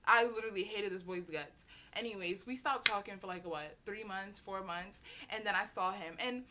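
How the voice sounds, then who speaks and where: A young adult woman telling a storytime vlog in a chatty, slangy, animated way, bursting into shrieks. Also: mid-range voice, normal speed, heavy background noise. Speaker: vlogger.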